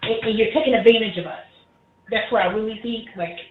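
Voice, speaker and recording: Woman teasing her friend on air, husky, laughs a lot, kinda muffled audio. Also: on the high side, fast. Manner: animated, teasing, laughs often. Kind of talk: casual teasing chat.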